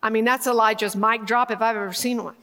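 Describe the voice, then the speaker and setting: A woman preaching a sermon in an emotional, emphatic way, laughing and pausing as she speaks. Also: a little high, steady tone, bright, forceful tone, a little hiss or hum. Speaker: speaker at a women's gathering. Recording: long hall reverb.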